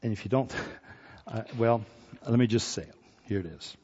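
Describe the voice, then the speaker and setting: A man preaching a sermon, lively and acting out voices from scripture. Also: fairly low pitch, moderate pace, husky. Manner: animated, acts out biblical voices. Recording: dull recording in a hall.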